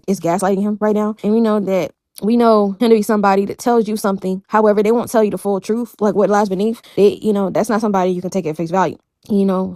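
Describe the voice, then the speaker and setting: A woman's voice: medium pitch, mellow, no room sound, clean studio sound. A woman casually retelling a bible story in a chatty, digressive way, full of asides. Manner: chatty, digressive, fillers like "you know".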